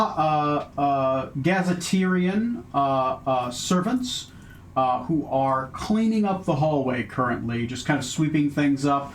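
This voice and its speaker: A man narrating a tabletop game as game master, halting and full of filler sounds. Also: fairly high pitch. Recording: echoey room, faint background noise.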